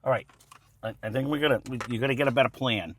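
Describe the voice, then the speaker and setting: A man's voice: mid-range voice, fast, a bit bright, breathy edge, no echo. A man with a mid-range voice, co-hosting a casual food review from inside a car. He talks bluntly, teases his partner and grumbles a little, and the sound is close and dry.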